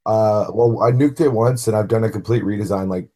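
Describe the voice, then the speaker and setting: A man's voice: lowish voice, brisk, mellow. A man chatting casually, saying "like" often. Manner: chatty, uses "like" a lot. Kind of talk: casual chat.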